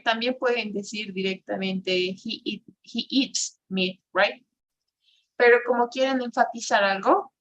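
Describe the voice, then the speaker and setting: A woman's voice: mid-range voice, a bit bright. Bilingual woman teaching English grammar. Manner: switches between English and Spanish, tags sentences with "right?". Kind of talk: online class explanation.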